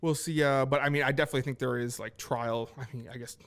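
A man's voice: medium pitch, steady tone, fast talker, a bit bright. A man co-hosting a casual podcast, blunt and swearing casually. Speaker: podcast co-host. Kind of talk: casual chat.

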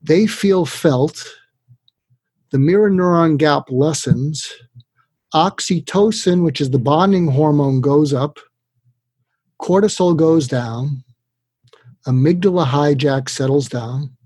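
A man, a psychiatrist guest, talking in an animated storytelling way and jumping his pitch up to act out the people he quotes. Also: takes it slowly, long pauses, slightly rough, no echo. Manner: acts out quoted voices with big pitch jumps.

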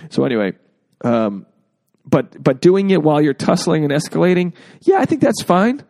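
A man's voice: a little high, sing-song, normal speed, gravelly, warm tone, no room sound. A man hosting a casual podcast, joking freely and acting out quotes in exaggerated voices. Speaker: podcast host.

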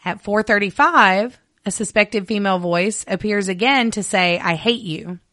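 A woman's voice: mid-range voice, normal speed, pushed and bright, no echo. Female podcast host, casual true-crime storyteller who reads case details aloud; dry, close recording.

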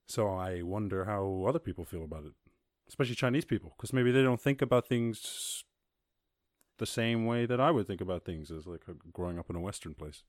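A man hosting a casual podcast, ranting about the news in a profane, animated way, full of laughs and asides. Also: lowish voice, a little fast, no echo, clean studio sound. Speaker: podcast host.

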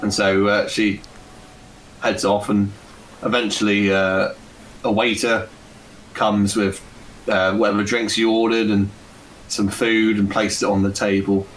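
Low-voiced man running a game. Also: flat delivery, measured pace, long pauses, a little hiss or hum. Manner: rambling, filler-heavy, self-correcting. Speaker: game master. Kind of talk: narrating a tabletop game.

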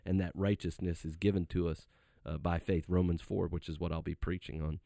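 Low, mellow-voiced pastor, earnest teacher who builds to fervent emphasis, dry close sound. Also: male voice, flat delivery, brisk, gravelly, no room sound. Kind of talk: conversational Bible study.

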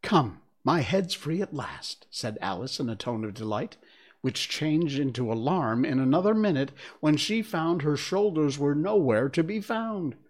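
A reader narrating a children's storybook in an expressive, lively way. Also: medium pitch. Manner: expressive, slipped once on a word.

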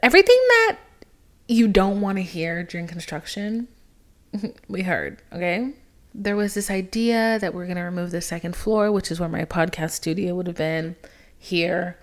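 Young woman, podcast host, casual dramatic storyteller, drops swear words, swings from loud to whispered asides. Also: fairly low pitch, fairly even intonation, moderate pace. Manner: swears freely.

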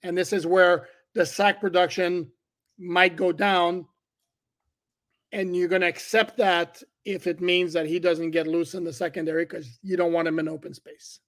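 A man's voice: high-pitched, flat delivery, normal speed, a bit bright. A man co-hosting a casual sports podcast, breaking down plays with dry, teasing humor. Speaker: podcast co-host.

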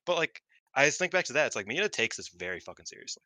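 A man's voice: medium pitch, sing-song, very fast, sharp tone, dry recording. A man co-hosting a casual chat, rambling and swearing, full of fillers. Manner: rambling, profane, lots of fillers. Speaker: podcast co-host. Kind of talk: casual chat about pro wrestling.

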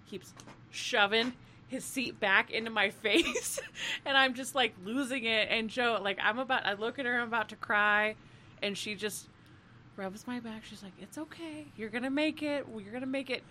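Bright-voiced laughing woman telling stories. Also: mid-range voice, slight background noise. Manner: animated storyteller, laughs often, swears freely. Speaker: podcast co-host. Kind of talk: casual chat.

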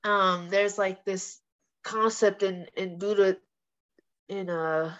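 In slightly muffled, lo-fi podcast audio, a young female pro fighter talks casually as an interview guest. Her mid-range voice is steady, slow and fairly bright, and she recounts stories openly and with energy, leaning heavily on "like" and swearing a bit.

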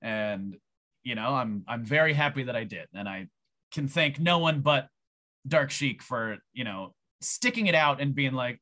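A man guesting on a podcast, telling a long casual story in a profane, rambling, animated way. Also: mid-range voice, unhurried. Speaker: podcast guest, pro wrestler.

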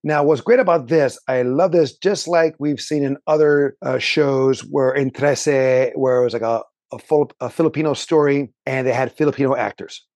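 A man's voice: medium pitch, moderate pace, hardly any pauses, darkish tone, no echo. An enthusiastic man co-hosts a casual review show and talks at length about cast and crew. His voice sits in a middle register. The sound is dry and close, with little room in it. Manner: lists credits, talkative, enthusiastic. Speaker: podcast co-host reviewing shows.

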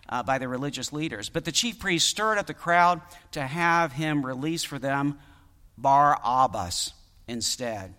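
Bright-voiced male preacher in a reverberant hall. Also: a little high. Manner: reads scripture then comments conversationally, rising to loud emphasis. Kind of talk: expository sermon.

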